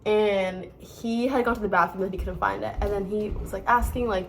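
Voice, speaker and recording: A woman's voice: medium pitch, fairly even intonation, a little fast, slight background noise. Chatty young American woman telling stories. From United States. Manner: chatty, lots of fillers and restarts. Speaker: vlogger. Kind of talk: casual storytelling to camera.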